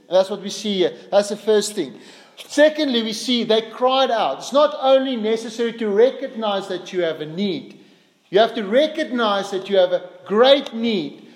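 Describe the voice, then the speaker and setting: A man preaching a sermon in an earnest way, his voice lifting higher and louder on quoted cries for mercy. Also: in a large hall. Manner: earnest, rises in pitch and volume for quoted pleas.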